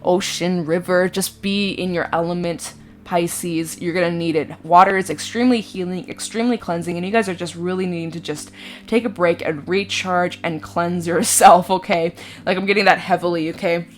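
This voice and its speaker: Chatty, expressive woman reading tarot. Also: on the low side, normal speed, slight background noise. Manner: swears casually. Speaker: tarot reader. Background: soft background music.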